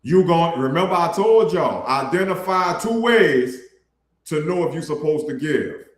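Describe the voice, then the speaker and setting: A man delivers a casual street sermon with blunt, preachy force and plenty of slang. His voice sits slightly high for a man. The recording carries a noticeable room echo. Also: expressive, unhurried. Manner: blunt, preachy, colloquial, addresses listeners as bro. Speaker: street preacher hosting an online ministry.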